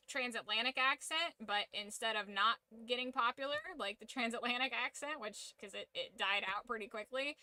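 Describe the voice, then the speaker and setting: A woman's voice: fairly high pitch, bright, forceful tone, clean tone, dry recording. A woman hosting a casual livestream, giving an opinionated, profanity-laced rant. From United States. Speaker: streamer and channel host.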